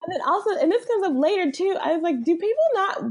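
A woman's voice: extremely high pitch, animated, quick pace. A young woman chatting casually about a film, rambling and cutting herself off mid-thought. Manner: chatty, rambling, self-interrupting. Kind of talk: casual chat recapping a film.

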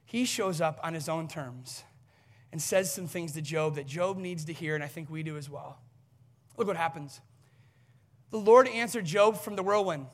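A male pastor delivering an impassioned sermon, often rising toward near shouting. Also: on the high side, moderate pace.

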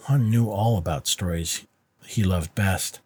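A man narrating a story in a calm, measured reading style. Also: low-pitched, slightly rough. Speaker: audiobook narrator. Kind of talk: scripted narration.

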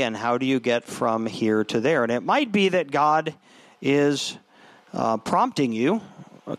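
A man's voice: mid-range voice, no echo. A man preaching a sermon in a conversational way, often restarting his phrases. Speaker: pastor.

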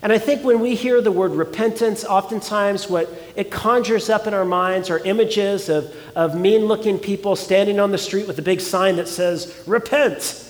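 A man's voice: high voice, steady tone, normal speed, hardly any pauses, big-room sound. A man preaching a sermon as pastor, earnest and conversational, often asking his congregation rhetorical questions.

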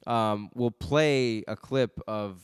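Laid-back male podcast co-host, swears freely, smooth voice, dry close mic. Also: mid-range voice, slow pace, no echo. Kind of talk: casual movie-review chat.

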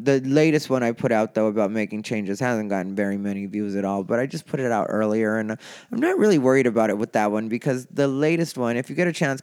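A man talking casually and candidly on his own show, rambling from thought to thought and getting animated, tired and yawning. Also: mid-range voice, smooth. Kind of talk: casual solo talk.

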